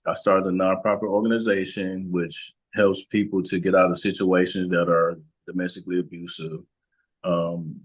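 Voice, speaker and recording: A man with a very low, deep voice speaks as a guest on an interview podcast. He tells a personal story slowly and haltingly, pausing often and restarting his sentences. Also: slightly rough, poor audio. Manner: slow, halting, with frequent fillers and restarts. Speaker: guest, relationship and trauma coach.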